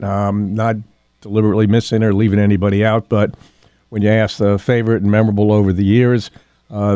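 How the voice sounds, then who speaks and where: An older man hosts a morning talk radio show from a studio. His voice sits low and mellow, and the sound is close and dry. He rambles along in a folksy way, full of ums and throat clearing. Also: no room sound. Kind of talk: casual talk radio monologue.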